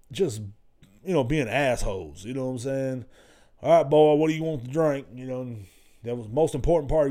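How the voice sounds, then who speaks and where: A man's voice: mid-range voice, warm tone. A young man talking alone on his own podcast, cussing constantly and wandering off topic from story to story. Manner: profane, loose, jumps between stories. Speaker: podcast host. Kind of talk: solo rambling podcast monologue.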